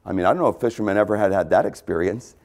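A man preaching a sermon, emphatic and repeating key phrases, often clearing his throat. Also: lowish voice, very fast, a little mellow.

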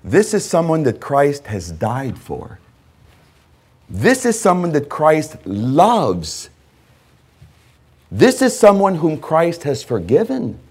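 A male pastor preaching a sermon, emphatic, with repeated phrases and swings between loud and hushed delivery. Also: a little high, wildly swooping pitch, slow pace, long pauses, breathy edge.

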